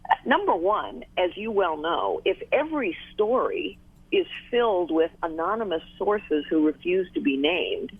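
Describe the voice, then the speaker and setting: A woman guest on a talk radio call-in, making her points in numbered order in a measured way. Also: fairly low pitch, big pitch swings, breathy edge, dry recording. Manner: measured, lists points one by one. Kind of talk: phone interview on talk radio. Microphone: telephone. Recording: tinny phone line.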